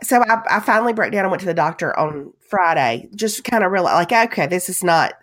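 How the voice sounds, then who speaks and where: A woman co-hosting a podcast in casual chat, her voice hoarse from a cough, telling stories with emphatic repeats. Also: fairly low pitch, animated, brisk, fairly bright tone. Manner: chatty storyteller, emphatic repeats. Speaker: podcast co-host.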